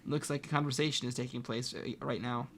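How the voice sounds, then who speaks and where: A man's voice: medium pitch, steady tone, quick pace. A man reading a story aloud as narrator who stumbles over words and restarts as he goes. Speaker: reader, co-host.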